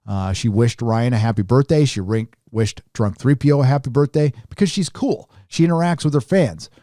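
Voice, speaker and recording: A man's voice: mid-range voice, moderate pace, mellow, no room sound, clean studio sound. A middle-aged man hosting a casual commentary show, talking in a sarcastic, mocking way. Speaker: host.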